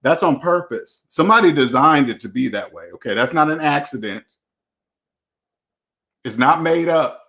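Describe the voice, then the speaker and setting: This finance channel host has a fairly high, slightly bright voice with lively intonation, speaking at normal speed and pausing often. In a casual monologue, he preaches at the viewer in blunt street slang and repeats the same phrases again and again to press his points.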